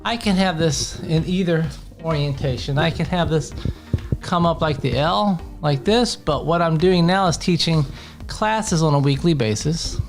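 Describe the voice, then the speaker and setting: A man's voice: fairly high pitch, unhurried, faint music behind. A man giving a casual product demo at his home desk, explaining while he handles the gear, with frequent ums and uhs. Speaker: gear reviewer and teacher.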